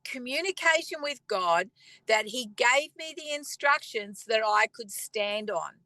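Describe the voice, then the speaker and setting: Earnest woman with a bright, dry voice. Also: fairly high pitch, expressive, no room sound, low-quality recording. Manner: earnest and conversational, with pauses and throat clearing. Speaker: faith speaker. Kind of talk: personal testimony talk.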